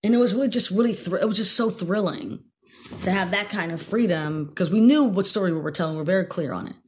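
Speaking at a quick pace in a mid-range voice, this middle-aged woman is a guest actress on a podcast, animatedly recounting a story and erupting into loud impersonations of what people said. A faint hiss or hum runs under the audio.

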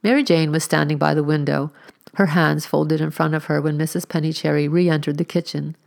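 A woman narrating a storybook in a measured, wry manner. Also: low voice, steady tone, gravelly, a little mellow. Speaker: audiobook narrator. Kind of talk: scripted narration.

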